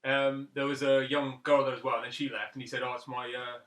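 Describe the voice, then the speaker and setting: A man in his thirties tells rambling, chuckling anecdotes on a casual podcast. His tone is bright. Everything has a roomy echo. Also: mid-range voice, little pitch movement, fast talker. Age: 30s. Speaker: podcast co-host. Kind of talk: casual chat.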